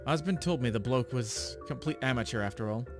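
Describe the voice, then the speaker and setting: A man's voice: medium pitch, a little fast, soft background music, close to an everyday voice. A man voicing a scornful tough young huntress. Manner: contemptuous, clipped.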